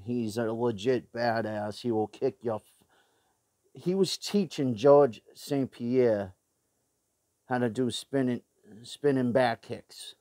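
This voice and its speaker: Slow-talking Boston man ranting. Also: medium pitch, mellow, no room sound, clean studio sound. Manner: blunt, profane, rambling with fillers and restarts. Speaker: show host. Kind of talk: casual opinion rant to camera.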